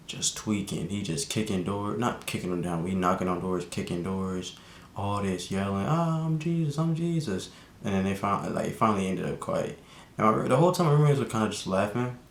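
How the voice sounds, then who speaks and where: A young man telling a casual storytime vlog, slangy and animated, with lots of fillers. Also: brisk. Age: young adult. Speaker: vlogger. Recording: echoey room with faint rumble.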